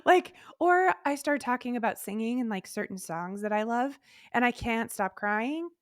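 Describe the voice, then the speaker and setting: A woman co-hosting a podcast in casual chat, telling stories in an animated way and acting out her own thoughts. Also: fairly high pitch, moderate pace, no echo, studio quality. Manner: animated storytelling, acts out her own inner voice. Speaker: podcast co-host.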